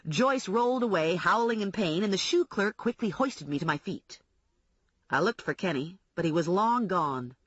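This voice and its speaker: A woman narrating an audiobook in the first person, wry and brisk, her voice husky and her pitch animated. The recording is dead dry and slightly muffled, close to the mic. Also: dry recording.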